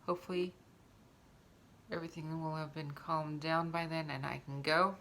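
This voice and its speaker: A woman's voice: low voice, normal speed, slight background noise. A woman chatting casually through a makeup tutorial at home, talking while she applies it. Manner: chatty, relaxed, talks while applying makeup.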